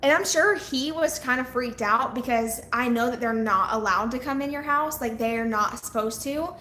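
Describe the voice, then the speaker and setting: A woman's voice: on the high side, moderate pace, pushed and bright. A young woman, chatting casually with viewers on a live stream and laughing often as she tells stories. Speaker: vlogger on a live hangout. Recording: echoey room with faint noise.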